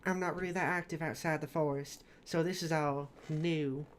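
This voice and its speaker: A streamer voicing a wary devil raised in the woods, speaking quietly and curtly. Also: mid-range voice, steady tone, normal speed, slight background noise, lightly acted.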